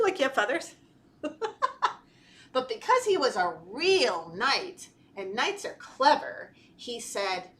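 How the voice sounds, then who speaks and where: Woman librarian, storytime read-aloud, high bright voice, slow and sing-song. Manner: animated, talks to children, gasps and laughs. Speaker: children's librarian.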